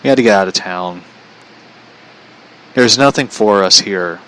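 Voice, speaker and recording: A man's voice: on the low side, unhurried, a bit bright, slight background noise, poor audio. A man casually telling a personal story, chatty, relaying a conversation line by line and laughing often.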